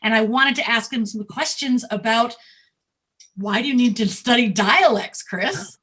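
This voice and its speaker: A woman hosting an interview as a talent manager, with a bright, sharp voice pitched a little high. She asks questions and backs up her guest with quick agreement. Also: husky. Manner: affirming, leads with questions.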